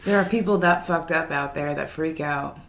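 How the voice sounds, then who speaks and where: A woman's voice: low-pitched, normal speed, fairly bright tone, a little hiss or hum. A woman in her twenties co-hosting a podcast, teasing and swearing playfully in casual chat. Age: 20s. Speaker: podcast co-host. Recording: roomy echo.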